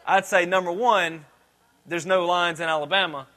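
A man's voice: high-pitched, steady tone, moderate pace, bright, forceful tone. A man pastor preaching a sermon, retelling the story casually with jokes and acted-out quotes.

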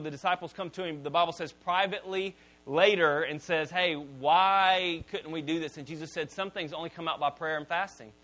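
A man with a high, bright voice preaches. He tells stories in an animated way, often restarting his sentences. His tone stays bright and forward throughout. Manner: animated storytelling with repeated restarts. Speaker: pastor. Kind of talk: sermon.

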